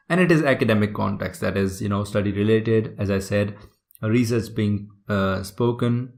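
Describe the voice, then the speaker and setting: A man's voice: on the low side, moderate pace, gravelly, darkish tone. A man teaching a recorded exam-prep lesson, explaining step by step and often checking in with the listener. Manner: explanatory, checks in with "right?" and "okay?".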